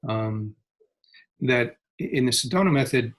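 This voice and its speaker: A man explaining spiritual ideas as an interview guest, reflective and animated, often laughing. His voice is husky and sits at a middle pitch. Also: unhurried, faint music behind.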